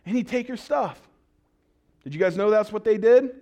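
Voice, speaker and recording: A male pastor preaches a sermon full of stories, jokes, and acted-out quotes, staying animated throughout. He has a high voice and speaks at normal speed.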